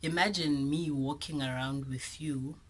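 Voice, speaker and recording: A young South African woman telling a storytime vlog, animated and dramatic, with whispered asides. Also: low-pitched, a little slow, husky, rough recording. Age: young adult. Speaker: vlogger.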